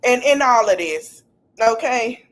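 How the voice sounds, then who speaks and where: A woman hosting a casual podcast stream, talking in an animated, slangy way and repeating her phrases. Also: a little high, slow. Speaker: podcast host.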